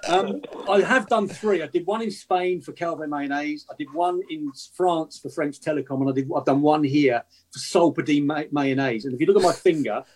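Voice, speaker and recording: A man's voice: on the high side, moderate pace. A middle-aged man, an actor, telling rambling anecdotes in casual chat with restarts and laughter. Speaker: actor guest on football podcast.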